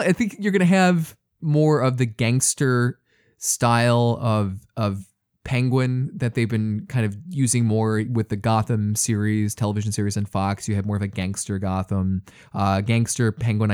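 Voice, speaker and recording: A man's voice: mid-range voice, fairly even intonation, normal speed, darkish tone, clean tone, no echo. Male co-host, casual chatter, meandering and filler-heavy, dry close sound. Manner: rambling, many fillers and restarts. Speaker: podcast co-host. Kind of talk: casual podcast chat.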